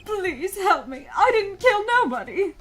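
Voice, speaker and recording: A woman's voice: extremely high pitch, sing-song, unhurried, fairly bright tone, soft background music, voice pushed up, exaggerated voice. A woman voicing a panicky, naive country bumpkin man in an imitation Southern American accent, pleading in a folksy way.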